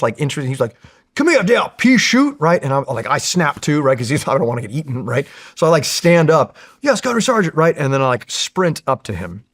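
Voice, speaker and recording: In a casual interview, a California man who served in the Marines shares war stories with animated, profane energy. His voice sits in the mid range.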